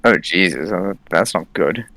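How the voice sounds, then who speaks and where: A woman putting on a deep male voice as a sardonic commentator who makes dry asides during a live stream. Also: expressive, a little slow, a bit bright, dry recording, exaggerated voice. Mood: appalled.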